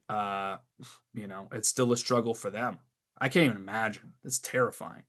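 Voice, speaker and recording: A middle-aged creature puppet maker appears as a guest on a casual podcast, telling stories with animated exasperation. His pitch sits fairly low and he talks at a normal speed.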